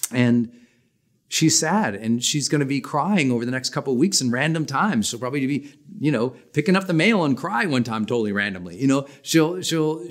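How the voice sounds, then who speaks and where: A man in his forties teaching a personal development class in an energetic, emphatic, conversational way. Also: medium pitch. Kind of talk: motivational class talk.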